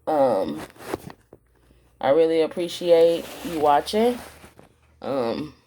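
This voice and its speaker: Low-voiced woman with an itchy throat. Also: very animated, mellow, a little hiss or hum. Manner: unhurried, plain instructional talk. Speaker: craft tutorial host. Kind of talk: casual step-by-step screen tutorial.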